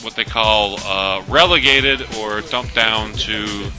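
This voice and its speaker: A man's voice: lowish voice, takes it slowly, pushed and bright, faint music behind. A man casually talking over his football game footage, rambling with lots of fillers and restarts. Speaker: gaming video host. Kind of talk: casual gameplay commentary.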